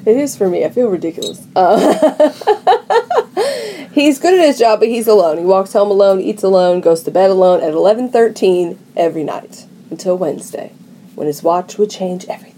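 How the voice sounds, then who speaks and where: A woman's voice: mid-range voice, animated, moderate pace, dark tone, slight background noise. A woman co-hosting a podcast, retelling a film plot in casual chat and laughing between lines. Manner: chatty storyteller who laughs between lines. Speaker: podcast co-host.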